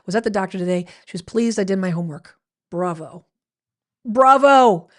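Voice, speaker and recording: A woman's voice: lowish voice, fast talker, warm tone. A woman hosting her weekly livestream, talking casually and rambling a little as she answers viewers' comments. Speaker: livestream host.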